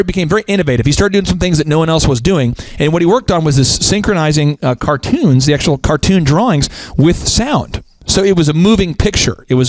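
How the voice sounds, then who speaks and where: A middle-aged man hosting a business podcast, talking casually and rambling with quick restarts. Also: on the high side, no room sound, low-quality recording. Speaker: podcast host.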